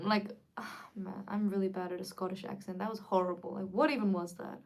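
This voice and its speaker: A young woman chatting casually to viewers on a livestream, lively and quick to react. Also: medium pitch. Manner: chatty and animated, switching between English and Korean. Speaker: livestream host.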